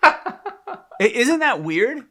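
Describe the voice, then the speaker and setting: A man's voice: extremely high pitch, big pitch swings, extremely slow, a bit bright. A man co-hosting a podcast, telling a story in casual chat with lots of laughs and restarts. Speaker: podcast co-host, psychologist.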